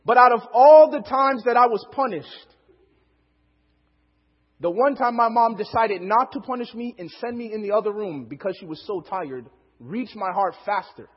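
A man's voice: high voice, normal speed, husky, big-room sound, dull audio. A young male preacher telling a personal story as a sermon, acting out the quotes and laughing often.

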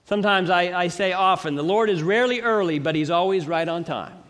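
A man preaching a sermon, reading scripture aloud and building to dramatic, slowly emphasized declarations. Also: sits high, fairly bright tone, in a large hall. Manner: preaching with dramatic swells and slow emphatic pauses.

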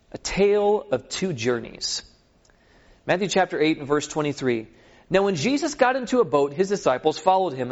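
Lively preaching man, muffled sound. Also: on the high side. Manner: animated storytelling, acts out scripture scenes; asks the audience for agreement. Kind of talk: sermon. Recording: dull lo-fi recording.

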